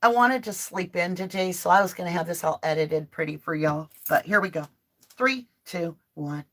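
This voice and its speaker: A woman with a somewhat low voice hosts a casual live tarot reading from her home office. She chats with viewers in a loose, informal way and slips into spoken prayers. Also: normal speed, a bit bright. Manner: chatty and informal, often addressing viewers directly. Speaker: tarot reader hosting a live stream.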